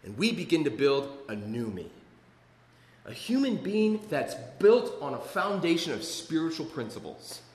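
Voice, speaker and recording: A man's voice: a little high, very animated, measured pace, darkish tone. Man telling a story in an echoey hall. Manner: rambling, self-mocking storyteller with many fillers. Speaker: speaker sharing his recovery story. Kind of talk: storytelling talk to an audience.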